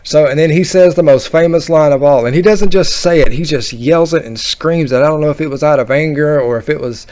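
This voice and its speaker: A man tells a story casually and with animation, circling back and restarting his sentences. His speaking voice sits a bit higher than most men's. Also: brisk, hardly any pauses. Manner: rambling, animated, laughing at his own story. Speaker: vlogger.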